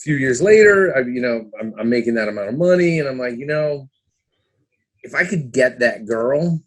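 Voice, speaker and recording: A man around fifty, a podcast guest telling his story casually, with lots of "you know"s and acted-out quotes of his own past thoughts. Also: lowish voice. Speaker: guest, former trader and author.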